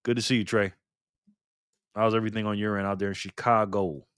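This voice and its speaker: A man's voice: lowish voice, level tone, fairly quick, a bit bright, smooth, no room sound, clean studio sound. A man hosting a casual live stream, upbeat and chatty as he reads out viewer names and thanks them one by one.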